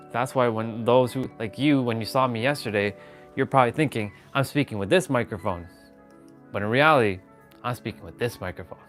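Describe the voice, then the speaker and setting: A man chatting casually on a live stream from his phone at home, rambling and greeting viewers by name. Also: medium pitch. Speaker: vlogger. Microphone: phone on gimbal.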